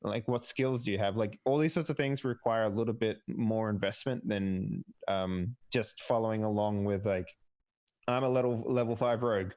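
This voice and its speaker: A man's voice: on the low side, steady tone, normal speed, hardly any pauses, darkish tone. A man, a player in a tabletop game, chatting casually and animatedly, swearing freely and laughing often. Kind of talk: casual pre-game chat.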